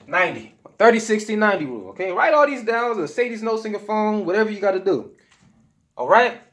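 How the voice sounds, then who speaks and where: A man giving diet advice to camera in a casual motivational talk, emphatic and slangy, often asking "okay?". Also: sits high. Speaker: health vlogger.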